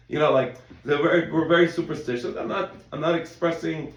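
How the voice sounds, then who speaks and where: Gravelly-voiced male rabbi teaching in an echoey room. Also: on the high side, brisk, few pauses, muffled recording. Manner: conversational, repeats words, quotes in animated voices. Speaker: rabbi teaching a Talmud class. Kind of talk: casual Talmud lesson.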